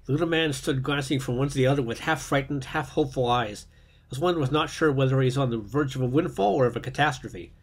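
Man reading aloud, husky voice, middle pitch, steady with slips. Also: fast talker. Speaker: reader.

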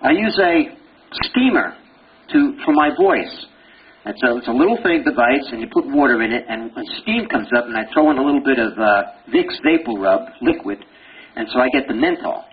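An older man giving a lively pathology lecture, quizzing students with rapid questions and joking as he goes. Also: medium pitch. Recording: dull lo-fi lecture recording with faint hiss.

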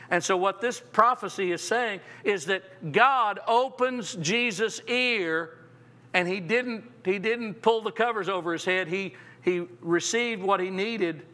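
In a church sanctuary, a man preaching a sermon as pastor often repeats words as he restarts sentences and acts out the quotes he reads. His voice is high-pitched, pushed and bright.

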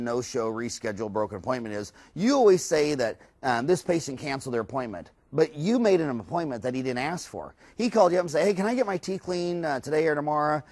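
A middle-aged man giving a course lecture to dentists, animated and quick to act out staff and patients. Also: mid-range voice, no echo. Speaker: dental practice lecturer.

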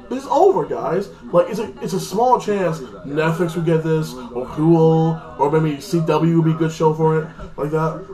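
A man's voice: a little high, darkish tone, roomy sound, rough recording. A man giving a casual, rambling episode recap, swearing often and leaning on fillers. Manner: rambling, profane, lots of fillers. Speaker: TV show reviewer.

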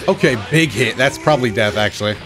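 A man giving excited, self-mocking commentary over his own fighting-game matches, groaning at losses and cheering at wins. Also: medium pitch, fast. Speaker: gaming channel host. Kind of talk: live gameplay commentary. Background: game music and sound effects.

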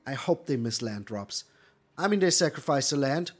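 A man's voice: medium pitch, expressive, normal speed. A man hosting a gaming channel, giving live gameplay commentary with theatrical groans and pleas at his opponent.

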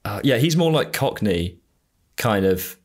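A podcast host with a generic Southern English accent talks in a slightly low voice. He chats casually, hesitating and trailing off between thoughts. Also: expressive, a little slow, husky. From England. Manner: hesitant, trailing off with many fillers. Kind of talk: casual chat.

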